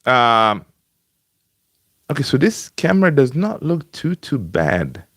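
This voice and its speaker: A man's voice: mid-range voice, very animated, slow, fairly bright tone, no room sound, clean studio sound. A man hosting a casual fan live stream from home, chatting with viewers by name and using lots of fillers and restarts. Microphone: home streaming setup with webcam.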